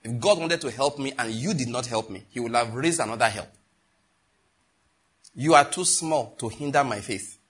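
A middle-aged man with a Nigerian accent preaches a sermon, animatedly exhorting his listeners and telling stories from his own life as asides. His voice is medium in pitch with a breathy edge.

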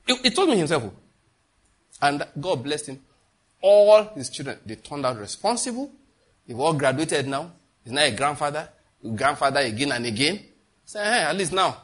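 A middle-aged Nigerian man preaching with animated storytelling and Pidgin asides. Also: on the high side, normal speed, pauses often, slightly rough. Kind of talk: sermon.

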